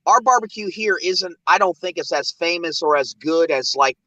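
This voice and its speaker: A man's voice: on the high side, expressive, normal speed, pushed and bright, lo-fi sound. A man, chatting casually as a host and rambling with plenty of fillers. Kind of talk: casual chat.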